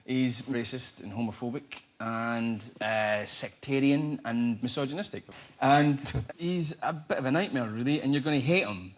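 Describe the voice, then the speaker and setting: A Scottish man in his thirties, a guest actor on a chat show, talking in a relaxed, jokey way. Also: mid-range voice, normal speed, hardly any pauses. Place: TV studio with live audience.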